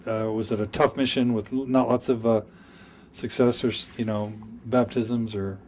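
A man interviewing a guest, asking a question in halting, rephrased bits. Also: mid-range voice, steady tone, darkish tone, a little hiss or hum.

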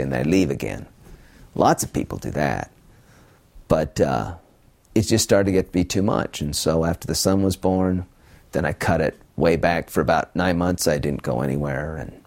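A middle-aged man from Utah, a stand-up comedian, telling wry bits with punchlines, then chatting in an interview. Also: creaky. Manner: animated, wry, pitch swooping up on punchlines.

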